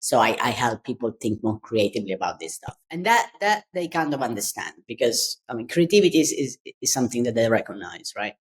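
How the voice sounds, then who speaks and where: A woman from Italy with an Italian accent, speaking as a podcast guest in a candid, expressive way. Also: a bass voice, quick pace, hardly any pauses. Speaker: guest, design consultant. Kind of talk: podcast conversation.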